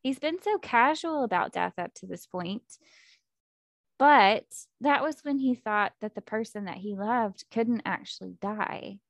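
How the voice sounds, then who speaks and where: A woman in casual chat, excitedly recapping a book plot and acting out the characters' lines. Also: medium pitch, unhurried, creaky, dry recording, studio quality. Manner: animated, acts out character quotes, fillers like 'like' and 'um'.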